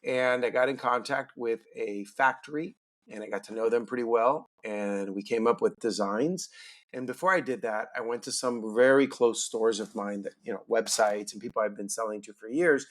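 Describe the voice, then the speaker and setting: A man's voice: medium pitch, normal speed. A middle-aged man, a podcast guest and business owner, telling his story in a casual interview and acting out the dialogue. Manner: animated storyteller, acts out quoted dialogue.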